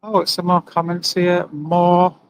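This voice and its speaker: A man's voice: high voice, monotone, unhurried, a little hiss or hum, poor audio. A man livestreaming outdoors by a busy road, talking earnestly and emotionally to his viewers and reading their comments aloud. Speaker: livestreamer at an animal rights vigil. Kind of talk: live-streamed casual monologue. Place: outdoors by a roadside with passing trucks.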